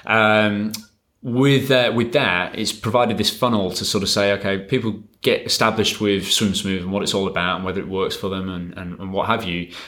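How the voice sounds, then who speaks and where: In a relaxed interview, this British swim coach spins rambling, lively anecdotes. His voice sits on the low side and his pace is moderate.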